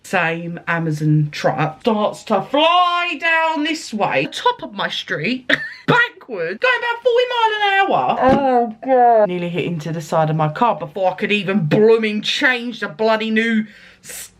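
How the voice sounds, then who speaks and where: A woman's voice: a little high, big pitch swings, measured pace. A woman telling a rambling story to her vlog audience, chatty, laughing and swearing along the way. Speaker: vlogger.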